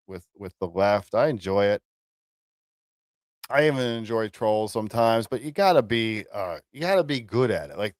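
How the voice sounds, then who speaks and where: A man chatting on his livestream in a sarcastic, offhand way, often stopping and restarting his words. His voice sits in a middle pitch and sounds dry and close. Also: dry recording. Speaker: livestream host. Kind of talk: casual livestream chat.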